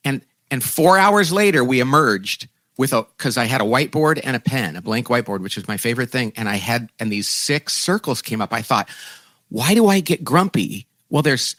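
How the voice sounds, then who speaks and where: A man, a guest author, telling a lively conversational story and acting out quoted voices in a self-deprecating way. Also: mid-range voice, brisk, dry recording.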